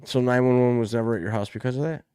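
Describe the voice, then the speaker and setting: A man co-hosting a casual talk show, pressing with quick, joking questions. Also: mid-range voice, fairly even intonation, warm tone, smooth, dry recording, studio quality. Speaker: co-host. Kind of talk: casual chat.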